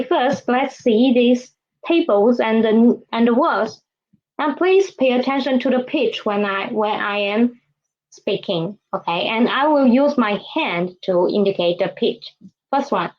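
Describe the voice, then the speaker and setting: Teaching a language lesson, a woman with a Mandarin Chinese accent patiently and slowly models words and tones so students can repeat them. Her voice is on the high side with a darkish tone, and the recording's highs are cut off.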